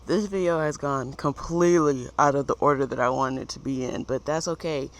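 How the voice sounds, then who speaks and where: A man's voice: medium pitch, brisk. A man from the United States chatting casually as a book vlogger, rambling and cutting into his own sentences with joking asides. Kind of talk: casual rambling vlog chat.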